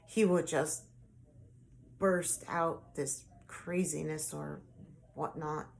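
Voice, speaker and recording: A woman vlogger telling a personal story in a casual, rambling way, full of fillers and restarts, mostly soft and low-key. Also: fairly even intonation, takes it slowly, vocal fry, a little hiss or hum.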